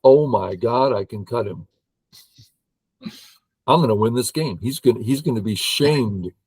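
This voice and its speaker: An older man who teaches Go, playing a game and thinking aloud in an excitable way while humming and counting under his breath. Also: mid-range voice, a little slow, slightly rough, dry recording, low-quality recording.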